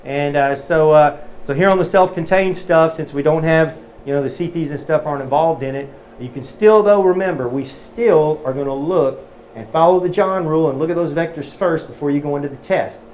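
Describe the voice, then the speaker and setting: A man's voice: a little high, brisk, darkish tone, slight background noise. A man teaching a technical webinar in a casual, folksy way with many fillers. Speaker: metering trainer. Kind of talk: webinar teaching and joke-telling.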